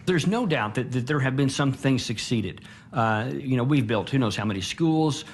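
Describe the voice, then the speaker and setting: A man's voice: mid-range voice, animated, normal speed, a little hiss or hum. A man speaking in a documentary interview, blunt and emphatic, often restarting his words. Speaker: interviewed commentator.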